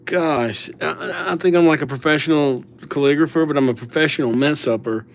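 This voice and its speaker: A man's voice: on the high side, brisk. Chatty young man on a livestream. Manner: chatty, self-mocking, reads viewer names aloud, acts out little scenes. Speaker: livestream calligrapher. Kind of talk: casual livestream chat with viewers.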